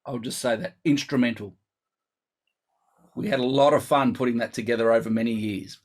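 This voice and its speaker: A man's voice: mid-range voice, fairly even intonation, brisk. A man teaching brass in a live online lesson, chatty and instructive, thinking aloud as he explains.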